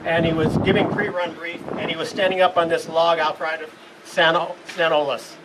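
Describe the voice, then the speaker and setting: A man's voice: on the high side, little pitch movement, brisk. A man sharing rambling, chuckling anecdotes as a eulogy at a memorial gathering. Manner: rambling, chuckling between stories. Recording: distant mic with noise behind.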